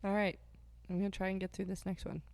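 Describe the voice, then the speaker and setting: A woman's voice: mid-range voice, flat delivery, fast, gravelly, a little mellow. A woman co-hosting a podcast, giving blunt, frank opinions in casual chat. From agricultural background. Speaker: podcast co-host.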